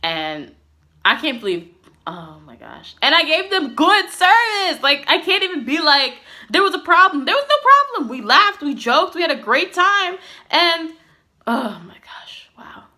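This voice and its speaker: A young woman chats through a casual storytime for her vlog, full of fillers and animated swings between exasperation and laughter. Her voice is bright and forward, sitting a little high for a woman. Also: measured pace. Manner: chatty, filler-heavy with many "like"s and "literally"s. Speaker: vlogger.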